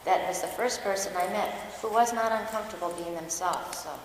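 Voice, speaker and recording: A woman's voice: medium pitch, a little fast, slight background noise. A woman giving a personal storytelling talk, candid and self-mocking, often laughing at herself. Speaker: dharma talk speaker. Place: large church hall. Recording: echoey hall recording with long reverb.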